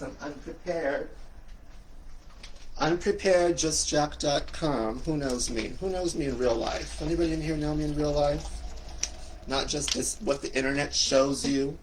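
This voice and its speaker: A man's voice: fairly high pitch, noisy background. A middle-aged man hosting a casual livestream, joking and campy, greeting viewers by name with big upward swoops in his voice. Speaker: livestream host and coach.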